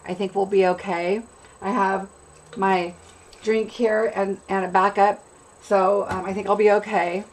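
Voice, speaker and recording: A woman's voice: mid-range voice, level tone, measured pace, a little hiss or hum, rough recording. A chatty, upbeat woman from California, sick with a cold and coughing now and then, hosting a casual craft live stream and greeting viewers by name. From California, USA.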